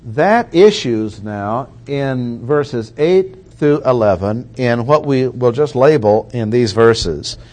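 A man preaching an expository sermon, reading verses aloud and repeating key points with deliberate emphasis. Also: mid-range voice, lively intonation, darkish tone.

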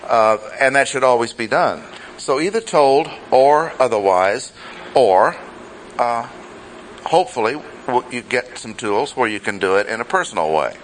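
A man teaching a Bible study class, speaking deliberately and repeating key phrases for emphasis. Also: mid-range voice, animated, a little hiss or hum, rough recording.

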